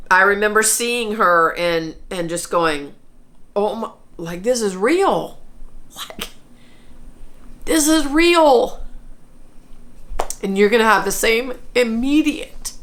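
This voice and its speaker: A woman's voice: medium pitch, creaky, fairly bright tone. A woman in her forties telling a personal story to camera, earnest and chatty, with frequent restarts. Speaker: vlogger.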